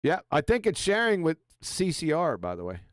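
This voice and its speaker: Guy hosting a chill live chat, smooth clear voice, dry sound, laughs a lot and trips over his words. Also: on the high side, huge pitch swings, moderate pace, dry recording. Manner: easygoing, chuckling, with stumbling restarts. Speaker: livestream host. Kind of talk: casual panel chat.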